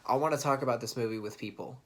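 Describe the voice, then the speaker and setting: A man's voice: mid-range voice, rapid-fire, a bit bright. A young adult man talking casually to camera in a vlog, retelling a movie with eager restarts and the odd laugh. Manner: earnest, enthusiastic fan recounting a movie with restarts and laughs. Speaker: vlogger.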